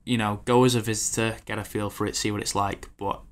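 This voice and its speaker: A man in his twenties hosting a podcast, rambling in an animated, casual way with lots of fillers and acted-out quotes. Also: on the low side, fast. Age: 20s. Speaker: podcast host.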